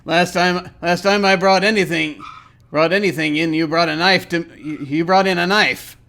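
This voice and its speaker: A man's voice: high voice, fairly even intonation, normal speed, pushed and bright. A man doing a smug, taunting bowler demon. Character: tall slick-haired male bowling demon with forked tongue, cocky.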